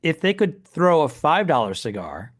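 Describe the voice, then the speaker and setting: A man's voice: on the high side, sing-song, moderate pace. A man with a New England accent, co-hosting a comedy podcast in casual chat and acting out quoted people in little voices. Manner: talks in bursts, restarts mid-sentence. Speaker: podcast co-host.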